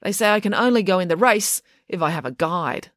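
A woman voicing a polite, soft-spoken, sly schoolboy. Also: on the low side, animated, a little fast, no echo, studio quality.

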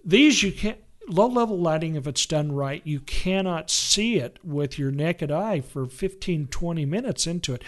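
Animated man telling stories. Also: a little high, moderate pace, few pauses. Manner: animated storytelling with quoted voices. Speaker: photography workshop leader. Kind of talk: casual conversation.

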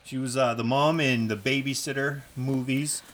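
A man's voice: medium pitch, steady tone, normal speed, fairly bright tone, a little hiss or hum. A man co-hosting a casual podcast, recapping a movie in a blunt, joking way and swearing casually. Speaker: podcast co-host.

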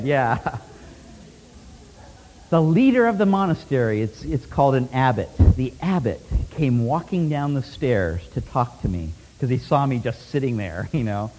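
A man preaching a sermon as a lively story, laughing often and swinging from loud bursts to hushed asides. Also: fairly high pitch. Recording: long hall reverb.

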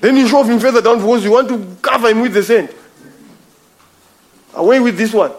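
A very high-pitched, brisk male voice delivers a sermon with emphasis and plenty of repetition. He keeps calling the congregation brother.

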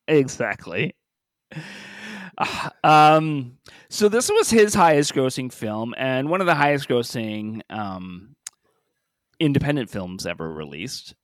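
A man's voice: mid-range voice, sing-song, slow pace, long pauses, dry recording, clean studio sound. A man co-hosting a podcast in casual chat, joking and laughing often. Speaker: podcast co-host.

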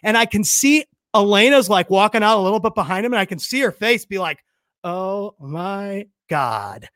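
Animated man telling a story, high voice. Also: fast, no echo, clean studio sound. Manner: animated, acts out voices, laughs through the story. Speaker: guest. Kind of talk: storytelling in a podcast interview.

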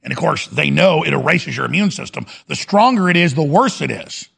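Man, talk host, fiery monologue, gravelly, high-pitched, urgent. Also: animated, brisk, fairly bright tone. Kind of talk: impassioned monologue.

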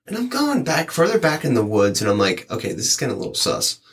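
Man in casual chat, animated storyteller voicing customers' lines. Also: mid-range voice, quick pace. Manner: rambling, animated, acts out quoted lines. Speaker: delivery driver sharing stories.

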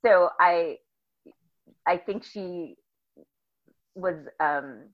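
Bubbly low-voiced woman telling stories. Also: drawn-out words. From Northern New Jersey. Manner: bubbly, animated storyteller who acts out quotes. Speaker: podcast guest. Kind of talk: casual storytelling interview. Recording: slightly dull lo-fi audio.

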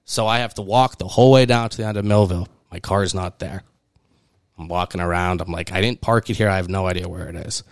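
A man co-hosting a podcast in a studio, telling a long story with lots of laughter and sudden high jumps in his voice when he acts out the panicked moments. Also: fast talker, no echo. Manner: animated storyteller, laughs through his words. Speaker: podcast co-host.

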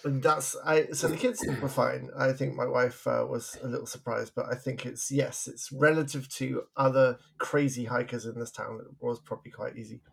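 A man's voice: medium pitch, fairly even intonation, normal speed, gravelly, hardly any pauses, breathy edge. A man, co-hosting a podcast, telling stories in a chatty way and laughing often. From England. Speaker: podcast co-host. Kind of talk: casual podcast chat.

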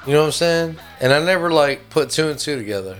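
Male guest, halting casual chatter, word-searching, faint music under. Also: on the high side, lively intonation, a bit bright. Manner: halting, searches for words, fillers. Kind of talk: casual chat.

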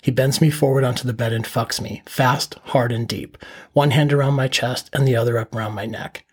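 Middle-aged man, husky voice, calm first-person podcast storyteller. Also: mid-range voice, brisk. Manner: calm, matter-of-fact present-tense telling.

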